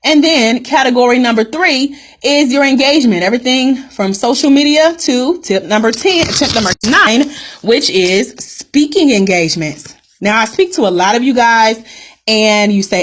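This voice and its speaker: A woman's voice: a little high, animated, moderate pace. A woman business coach hosting a live-streamed coaching call, upbeat and direct, calling her viewers "guys" and repeating her key points.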